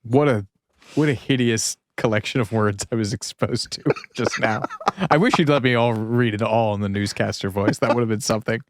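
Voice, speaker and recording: A man's voice: lowish voice, fairly even intonation, moderate pace, no echo, clean studio sound. A man co-hosting a podcast, reading an article aloud in a casual tone and breaking off for wry asides and laughs. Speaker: podcast co-host.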